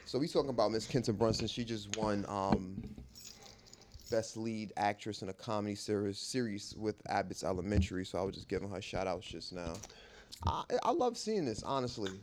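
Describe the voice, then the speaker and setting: Animated casual man co-hosting. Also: on the low side, normal speed, noisy background. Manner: animated, exclaims and repeats himself. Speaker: podcast co-host. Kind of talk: casual chat.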